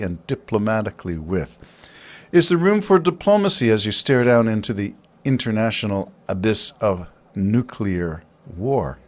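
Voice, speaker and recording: A man hosting a podcast alone, musing and rambling through his thoughts and asking himself questions along the way. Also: lowish voice. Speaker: podcast host. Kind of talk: casual solo talk.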